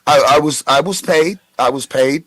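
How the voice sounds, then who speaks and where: A man's voice: fairly high pitch, normal speed, a bit bright, no room sound, low-quality recording. Man, forties, guest voice actor, rambling anecdotes, stammered restarts, dry close sound. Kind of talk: casual interview storytelling.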